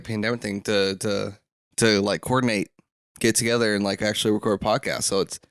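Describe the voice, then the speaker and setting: A young man hosting a solo podcast from a room at home, rambling with lots of fillers and restarts, his throat rough and catching. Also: medium pitch, no room sound, clean studio sound. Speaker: podcast host.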